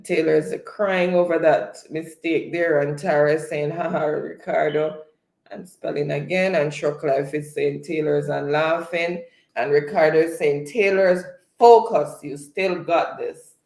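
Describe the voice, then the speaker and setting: An unhurried host running a live spelling game, chatting and reading out comments from viewers. The delivery is slow and relaxed, and the voice carries a roomy echo. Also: mid-range voice, gravelly. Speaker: quiz host.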